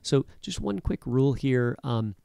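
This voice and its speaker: A man's voice: mid-range voice, lively intonation, measured pace, vocal fry, mellow, clear, resonant tone, no room sound. A man giving a casual screen-recorded coding lesson, checking in with "right?" and "okay?" as he explains. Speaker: instructor.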